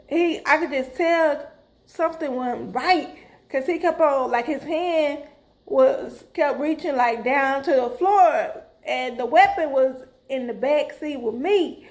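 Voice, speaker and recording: A middle-aged woman, telling her viewers a story in a casual, animated vlog style and calling them "y'all". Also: sits high, slow. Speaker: vlogger.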